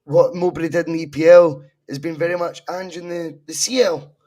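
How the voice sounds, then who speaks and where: A man's voice: a little high, fairly even intonation, fairly quick, darkish tone. A Scottish man in a casual football podcast chat, blunt and opinionated, swearing freely. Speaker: podcast co-host.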